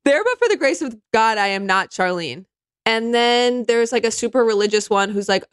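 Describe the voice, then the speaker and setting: A woman's voice: fairly high pitch, animated, moderate pace, fairly bright tone, clear, resonant tone, no room sound. A woman chatting casually as a podcast co-host, sarcastic, acting out the people she quotes in mocking voices. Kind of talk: casual comedic chat.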